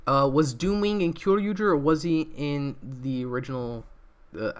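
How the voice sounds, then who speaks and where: A man's voice: on the high side, moderate pace, clean tone. Rambling young man on a livestream. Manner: rambling, many fillers and restarts. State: throat feels off. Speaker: livestream host. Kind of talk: casual livestream commentary.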